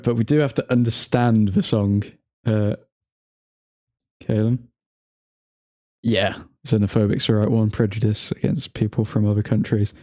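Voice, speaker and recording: A young man hosts a football watchalong livestream, trading jokes with the chat and laughing easily. His voice is mellow and warm, with a dry, close sound and an easy, casual delivery. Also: medium pitch, dry recording. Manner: joking banter, laughs often, talks to chat by name. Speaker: livestream host reading chat.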